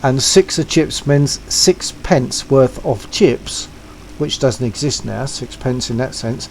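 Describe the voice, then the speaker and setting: A man's voice: mid-range voice, slow, a little mellow, a little hiss or hum, poor audio. An older English man hosting a casual game stream, chatting and reminiscing with a laugh. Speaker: stream host. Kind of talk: casual gaming chat.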